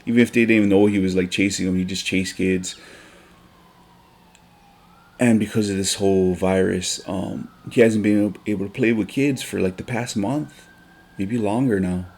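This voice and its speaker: A man's voice: on the low side, steady tone, normal speed, vocal fry, a little mellow. A man, a teacher talking earnestly on a casual podcast with many ums and restarts.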